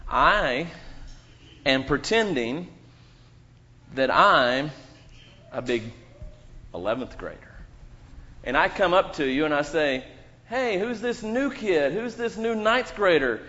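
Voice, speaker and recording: A man telling a lively children's story in a church service, acting out the characters. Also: mid-range voice. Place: church sanctuary. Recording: muffled church recording with hall reverb.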